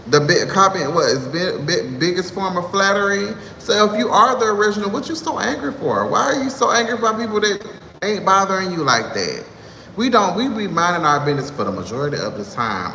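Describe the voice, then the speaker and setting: A man in his thirties vents in a sassy, exasperated rant. His voice is bright and pointed. A roomy space with a long reverb tail and faint background noise carries it. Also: fairly high pitch, expressive, brisk. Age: 30s. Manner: sassy, exasperated ranting with laughs. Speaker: vlogger. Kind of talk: heated monologue to camera.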